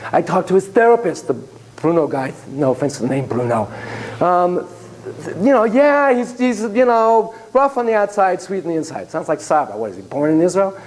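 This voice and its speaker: A man who is a psychologist telling a story to students in a lecture, animated and joking, with frequent laughs. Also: high voice, moderate pace, a little hiss or hum.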